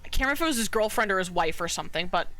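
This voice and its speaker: Bright-voiced chatty woman streamer. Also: mid-range voice, lively intonation, racing, faint music behind. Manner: chatty, rambling, lots of fillers, swears casually. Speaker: art streamer. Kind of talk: casual storytelling to chat.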